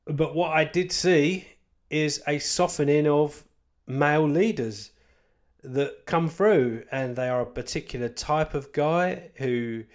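This Christian author speaks in a mid-range voice with a darkish tone. His informal talk about church life wanders and stays candid, full of jokes at his own expense and emphatic repetition.

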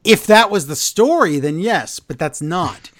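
Man, podcast co-host, lively pitch swings, slightly high voice, exasperated, casual recap chat. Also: a little slow. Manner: animated, exasperated, voice climbs high in disbelief.

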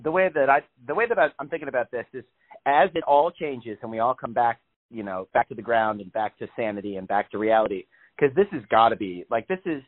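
A man's voice: mid-range voice, fast talker. A man chatting casually and comically as co-host, rambling and cursing a lot. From New York. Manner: joking, profane, rambling with many fillers. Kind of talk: casual comedic chat. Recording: thin phone-like sound.

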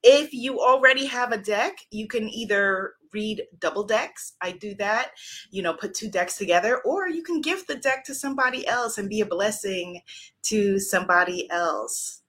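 A woman's voice: mid-range voice, lively intonation, moderate pace, a bit bright, slightly rough. A woman hosting a live stream as an author, chatting effusively with viewers, greeting commenters by name and laughing often. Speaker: livestream host and author.

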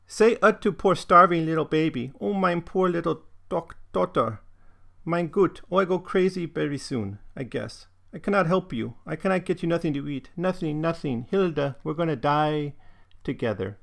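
A man voicing a starving immigrant mother who speaks in halting, foreign-accented English. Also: fairly high pitch, creaky, fairly bright tone, pitched above the performer's own voice.

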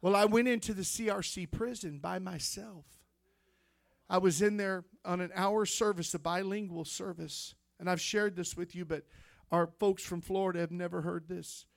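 High-voiced fervent male preacher. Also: fairly even intonation, moderate pace, gravelly, no echo, studio quality. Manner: fervent storytelling, rising to shouts. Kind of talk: sermon testimony.

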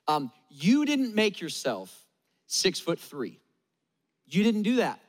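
High-voiced pastor preaching in a reverberant hall. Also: male voice, big pitch swings, slow. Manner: conversational, emphatic repetition. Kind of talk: sermon.

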